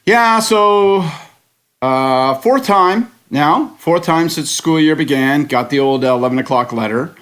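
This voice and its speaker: A man's voice: a little high, a little slow, a bit bright. A man on a political panel, chatting casually in a sardonic, rambling way with the odd swear word. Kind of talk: casual chat.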